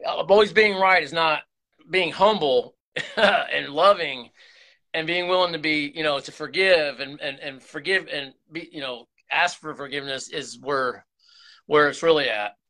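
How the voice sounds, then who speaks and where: Slightly high and unhurried, his bright, forceful voice carries a tearful confession on his own YouTube channel. The man speaks earnestly and emotionally, wandering through his thoughts with repeated words and frequent restarts.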